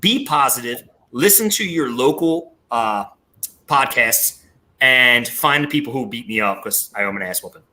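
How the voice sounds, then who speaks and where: A man, hosting a podcast and telling a story in lively casual chat, swearing freely. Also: medium pitch, normal speed. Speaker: podcast host.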